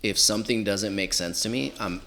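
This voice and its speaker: A Southern California man in his forties, a podcast guest, tells stories in a casual chat, rambling with heavy use of "like" and "you know." His fairly low voice is creaky, bright, and forceful, a little fast, with a bit of hiss or hum.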